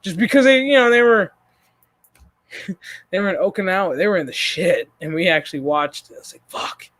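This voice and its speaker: A man hosting a gaming stream, telling a story in casual chat, profane and animated. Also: high-pitched, moderate pace, no echo.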